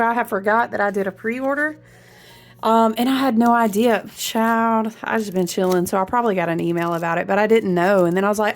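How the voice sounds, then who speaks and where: A woman talking casually to viewers in a spiritual vlog, animated and chatty, drifting between topics and often breaking into high exclamations. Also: normal speed. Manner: speaks to viewers as friends, slangy and warm-hearted. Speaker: tarot reader.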